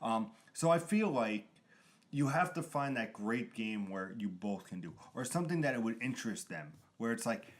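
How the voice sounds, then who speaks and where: A man's voice: medium pitch, expressive, moderate pace. Rambling man sharing gaming stories. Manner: rambling, explains with examples and acted-out quotes. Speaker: podcast co-host. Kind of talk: casual chat.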